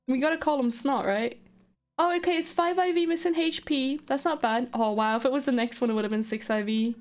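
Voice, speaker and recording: A woman streaming a video game live, gushing and excitable as she chats with her viewers. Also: on the high side, brisk. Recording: faint background music.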